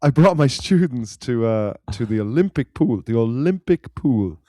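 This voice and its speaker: A man's voice: mid-range voice, expressive, moderate pace, dark tone, no room sound, clean studio sound. A man co-hosting a podcast in casual chat, telling stories full of swearing, fillers and restarts. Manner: swears freely, lots of fillers and restarts, laughs through stories. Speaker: podcast co-host.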